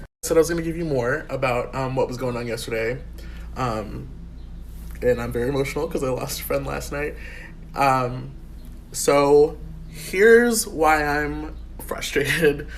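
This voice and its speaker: A man's voice: mid-range voice, measured pace, slight background noise. A tired man who is feeling unwell delivers an emphatic, exasperated commentary over a screen recording. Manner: emphatic, exasperated, rising to heated outbursts. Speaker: content creator.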